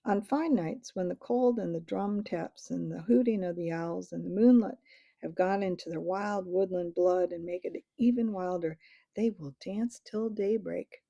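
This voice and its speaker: Woman reading a storybook, gravelly. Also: on the low side, a little slow, mellow, no room sound, lo-fi sound. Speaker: audiobook reader.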